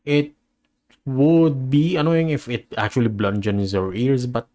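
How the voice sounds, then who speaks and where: A man's voice: medium pitch, steady tone, unhurried, mellow. A man hosting a reaction channel, musing through casual commentary with frequent laughs and restarts.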